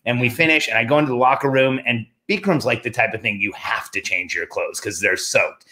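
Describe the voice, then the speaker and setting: A man's voice: mid-range voice, fairly quick. A middle-aged man casually telling a personal story, animatedly quoting himself and others along the way. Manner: animated anecdote teller, quoting himself in rising voice.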